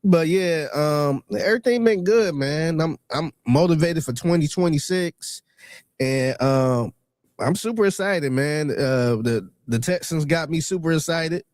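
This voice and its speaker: A man's voice: on the high side, unhurried, a little mellow, no echo, studio quality. A congested man co-hosting a casual sports podcast, easygoing, who often says "man" and stumbles on his words. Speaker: podcast co-host.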